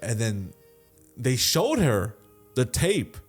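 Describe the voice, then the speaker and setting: A young man hosting a podcast, telling a crime story in a loose, animated way, swearing a lot and checking in with "right?". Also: mid-range voice, takes it slowly, faint music behind. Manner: swears constantly, animated retelling, keeps asking "right?". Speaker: podcast host. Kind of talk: casual storytelling.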